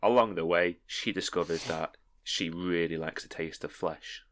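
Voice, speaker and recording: Deep-voiced young podcast co-host. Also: male voice, moderate pace, fairly bright tone, slight background noise. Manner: laughs easily, stumbles and repeats words. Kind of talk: casual chat.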